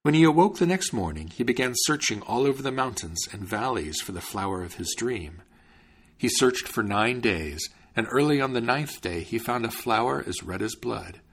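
A man reading a fairy tale aloud as a storyteller, in a measured, expressive manner. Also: lowish voice, creaky, husky. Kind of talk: storybook narration.

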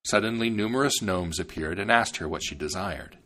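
A man narrating a fairy tale in an expressive storybook style. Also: low voice, fairly quick.

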